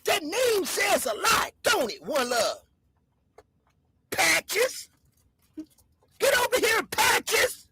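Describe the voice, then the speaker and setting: A woman hosting a livestream, loudly hurling mocking insults in a shouting rant. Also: very high voice, big pitch swings, drawn-out words, long pauses, no echo. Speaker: livestream host.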